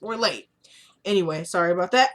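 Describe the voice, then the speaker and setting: A woman's voice: on the low side, animated, a little fast, fairly bright tone. Chatty woman recapping a TV episode. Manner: chatty, laughs often, acts out characters' lines.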